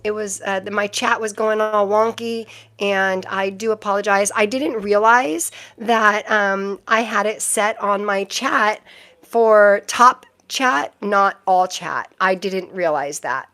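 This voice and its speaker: A woman's voice: mid-range voice, slow pace, bright, forceful tone. A woman doing a casual tarot live stream, chatting in a rambling, random way to her viewers and laughing often.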